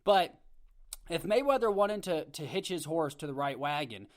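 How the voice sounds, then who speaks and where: A man hosts his podcast from a home microphone, ranting with blunt conviction. His voice sits a little high, and he stumbles and restarts as his thoughts run ahead of him. The tone is casual and opinionated throughout. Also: expressive, moderate pace. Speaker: podcast host. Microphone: home podcast mic.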